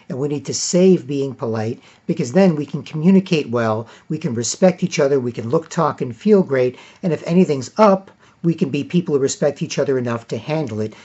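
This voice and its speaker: A Canadian man rambling in a casual monologue to camera, often clearing his throat and repeating himself. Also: medium pitch, darkish tone, lo-fi sound. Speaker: video blogger.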